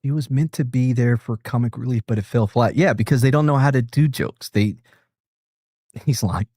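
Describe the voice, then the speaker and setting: A man's voice: medium pitch, moderate pace, dark tone, dry recording, clean studio sound. A man streaming, chatting casually and rambling with jokes while reacting to a video with friends. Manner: rambling, joking, chuckles often. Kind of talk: casual chat.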